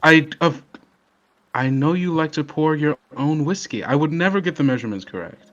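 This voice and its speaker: A man's voice: a little high, expressive, moderate pace, highs cut off. A man playing a tabletop game, placating and soothing in character. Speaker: player.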